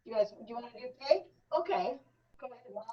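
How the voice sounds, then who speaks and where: A woman in a video-call singalong who is hesitant at first, then does lively animal noises. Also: a little high, fast, far from the mic, muffled recording.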